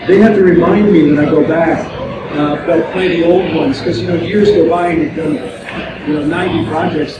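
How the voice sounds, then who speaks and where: An older male voice actor chats through stories on a convention panel and laughs often between them. His voice sits a little high for a man and comes from far off the mic in a very echoey hall, with steady noise underneath. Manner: chatty, anecdotal, laughs often.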